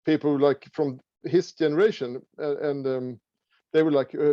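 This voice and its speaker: A middle-aged man from Sweden with a Swedish accent, talking casually as an interview guest, halting with many fillers and restarts. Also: mid-range voice, steady tone, mellow, no room sound, dull audio. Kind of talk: casual conversation.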